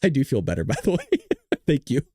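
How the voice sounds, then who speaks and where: A man's voice: mid-range voice, sing-song, brisk, background noise. A male show host ranting to his live-stream viewers, frustrated and full of profanity, talking straight to his audience.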